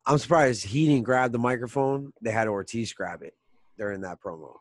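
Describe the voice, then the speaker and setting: A man's voice: mid-range voice, normal speed, no echo. A man co-hosting a podcast, chatting casually and teasing his co-host. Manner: joking, teasing banter. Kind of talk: casual chat.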